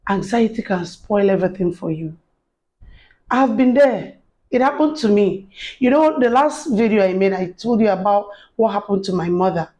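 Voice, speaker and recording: A woman's voice: medium pitch, expressive, normal speed, darkish tone, rough recording. A woman giving an earnest personal faith testimony to camera, acting out the voices of people she quotes. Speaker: faith encouragement speaker.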